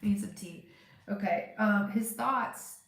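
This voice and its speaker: A woman's voice: mid-range voice, a little slow, gravelly, fairly bright tone, roomy sound. A woman with a stuffed-up, congested voice giving a live tarot reading, chatty and thinking aloud with lots of fillers and restarts. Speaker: tarot reader.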